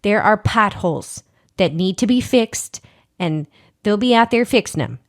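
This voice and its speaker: A woman's voice: medium pitch, expressive, unhurried. A woman playing a flustered small-town TV host who stumbles over names while reading community announcements. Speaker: public access TV host.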